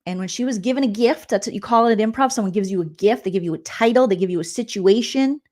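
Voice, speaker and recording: A woman comedian hosting a casual reaction vlog, chatty and animated, full of asides. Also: medium pitch, fast. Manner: chatty and animated, acts out quotes with lots of asides. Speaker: comedian and reality TV recap host.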